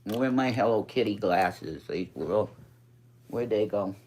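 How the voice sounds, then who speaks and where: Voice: low voice, expressive, measured pace, background noise. A speaker in their forties with a New York accent and a slight speech impediment, chatting casually on a livestream in a rambling, profane way that sometimes turns childlike. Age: 40s. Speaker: drag performer livestreaming.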